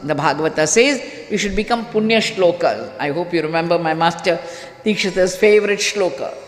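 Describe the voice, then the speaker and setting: Emphatic sermon speaker. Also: a little fast. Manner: emphatic, repetitive refrains with wide pitch swings. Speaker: spiritual discourse speaker. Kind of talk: devotional sermon to a live audience. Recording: echoey hall with long reverb and faint music.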